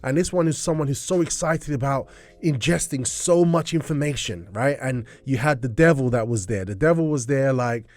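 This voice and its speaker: A man hosting a Christian breakfast show, telling stories in an animated way and acting out the characters' voices. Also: mid-range voice, normal speed, few pauses. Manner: animated storyteller who acts out voices. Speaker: host.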